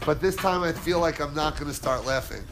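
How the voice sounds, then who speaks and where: A man's voice: on the high side, brisk, fairly bright tone, a little hiss or hum. A man teaching a casual Torah class, chatty and digressive, who drifts into stories and laughs as he tells them.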